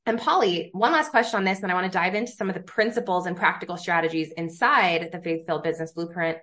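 A woman hosts a podcast in easy, casual conversation. Her voice sits on the lower side, and she talks with eager enthusiasm, sprinkling "like" through long, looping questions. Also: quick pace, a bit bright. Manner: enthusiastic, chatty, uses many fillers like "like". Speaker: podcast host.

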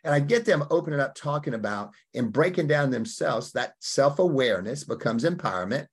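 A husky, middle-pitched man from Alabama gives an emphatic interview answer. He talks in punchy bursts and throws in acted-out quotes. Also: lively intonation, fairly quick. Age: middle-aged. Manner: emphatic, acts out quoted voices, punchy phrasing. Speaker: podcast guest, life coach. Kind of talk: animated conversational interview answer.

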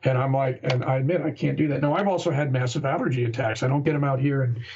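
A man with a raspy voice chatting earnestly on a podcast, rambling with many restarts. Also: mid-range voice, quick pace, darkish tone, dull audio, a little hiss or hum. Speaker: guest game master. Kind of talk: casual podcast conversation.

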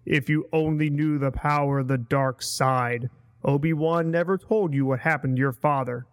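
A man voicing a stern, dark male armored lord while reading a storybook aloud slowly. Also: a little high, fairly even intonation, natural voice. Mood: menacing. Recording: long hall reverb.

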